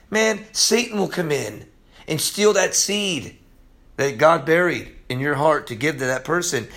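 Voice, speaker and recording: A man gives a casual, slangy Bible teaching, excitable and emphatic, lurching from loud bursts to hushed lines. His voice sits high and has a creaky quality.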